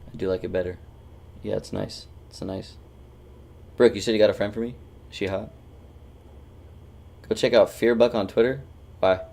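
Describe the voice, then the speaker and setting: A man with a very deep voice and a gravelly, fry-heavy edge runs a casual gaming stream. He teases his friends and chat in loose, offhand banter, swearing freely. He sounds close to a headset mic. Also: fairly even intonation, moderate pace, long pauses, a little mellow.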